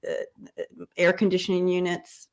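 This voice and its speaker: A woman's voice: on the low side, monotone, measured pace. A middle-aged woman hosting a casual livestream chat, talking in a rambling way with many restarts. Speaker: host.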